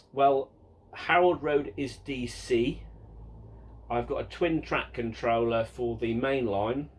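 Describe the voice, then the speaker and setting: A man hosting a casual question-and-answer vlog about his model railway, rambling and chatty, often repeating words and mocking himself. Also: medium pitch. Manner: self-mocking and exasperated.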